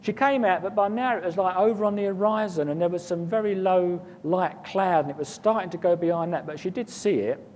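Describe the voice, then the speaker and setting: A man's voice: fairly quick, few pauses, darkish tone. A man telling a personal story in a casual, rambling way, often repeating words and chuckling. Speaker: guest recounting an experience. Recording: long reverb, faint rumble.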